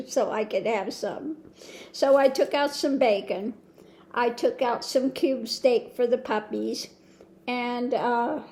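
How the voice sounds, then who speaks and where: An older woman rambling about her day in a casual, chatty way, with soft laughs here and there. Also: fairly high pitch. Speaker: tarot reader and vlogger. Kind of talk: casual chat.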